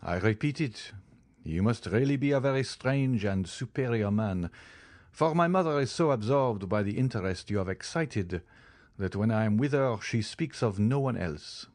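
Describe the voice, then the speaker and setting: A man's voice: fairly low pitch, expressive, moderate pace, darkish tone, no echo, lightly acted. A man reading as an eager young nobleman. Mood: earnest. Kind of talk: audiobook character reading.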